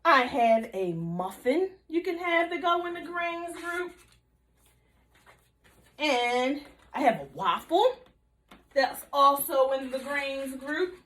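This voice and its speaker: High, slow-talking woman teaching small kids. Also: a bit bright. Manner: slow, bouncy teacher voice, drawing out repeated words. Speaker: nutrition educator for young children. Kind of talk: kindergarten video lesson with call-and-response.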